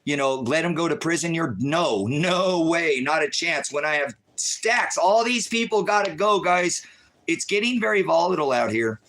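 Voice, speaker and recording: A stressed man rambling through an agitated live-stream rant, jumping between loud outbursts and low muttering. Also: lively intonation, normal speed.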